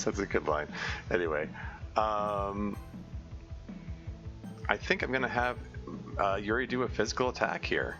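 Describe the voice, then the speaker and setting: A man's voice: fairly low pitch, unhurried, pauses often, lo-fi sound, music in the background. A man streaming a game, narrating and thinking aloud in a chatty way with many fillers. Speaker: streamer playing a visual novel mod. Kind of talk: let's play narration and reading aloud.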